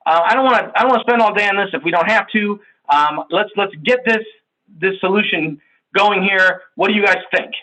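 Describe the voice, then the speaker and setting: A man voicing an impatient, pushy team leader who wants results fast, speaking in a brisk, bossy way. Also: high voice, pushed and bright, rough recording.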